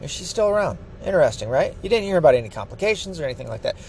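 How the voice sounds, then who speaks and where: A man with a high, swooping voice delivers an angry political rant, cursing freely. His delivery lurches up and down in pitch as he vents, and faint noise sits behind him. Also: very animated, very fast, darkish tone. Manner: angry, profane, ranting. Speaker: political commentator.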